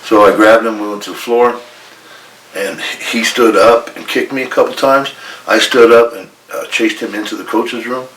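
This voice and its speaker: Low-voiced, profane man telling stories, echoey room. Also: steady tone, normal speed, fairly bright tone. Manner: blunt, profane, retells arguments in quoted dialogue. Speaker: retired pro wrestler guest. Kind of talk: candid storytelling interview. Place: indoor room with a coffee maker. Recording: echoey room, distant mic.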